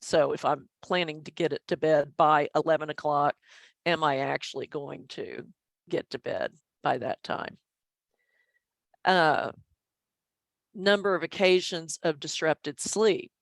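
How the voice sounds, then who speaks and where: A woman's voice: low voice, measured pace, vocal fry, dry recording. A middle-aged woman, a statistician, explaining measures in an online training session with goofy self-deprecating humor. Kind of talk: online presentation.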